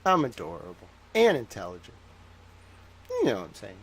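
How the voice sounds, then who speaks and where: A man's voice: fairly low pitch, wildly swooping pitch, normal speed, slight background noise. A man hosting a casual livestream, speaking in a put-on Southern drawl, playful, teasing and boastful. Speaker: livestream host.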